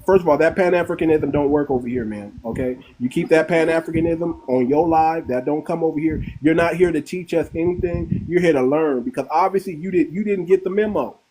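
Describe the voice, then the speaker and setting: Forceful man hosting a heated live debate. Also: fairly high pitch, brisk, hardly any pauses, breathy edge, poor audio. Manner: forceful, repeats phrases for emphasis. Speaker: host of a live audio room.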